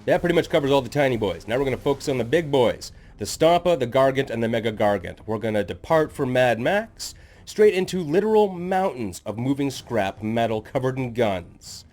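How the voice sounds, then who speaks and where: A man's voice: medium pitch, very animated, brisk, a little mellow. Sardonic man narrating comedic lore. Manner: sardonic, jokey, self-deprecating. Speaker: lore channel host.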